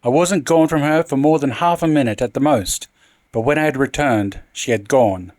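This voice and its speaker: A man's voice: medium pitch, normal speed, a little mellow, dry recording, close to an everyday voice. A man playing an anguished, furious old general. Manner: emotional, anguished, then furious. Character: stern grieving army general, older man, hot-tempered.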